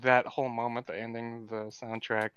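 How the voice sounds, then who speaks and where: A man's voice: medium pitch, little pitch movement, normal speed, a bit bright, smooth, no echo, muffled recording. A man co-hosting a podcast, talking earnestly and animatedly about a film, often restarting his sentences. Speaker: podcast co-host. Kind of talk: casual film discussion.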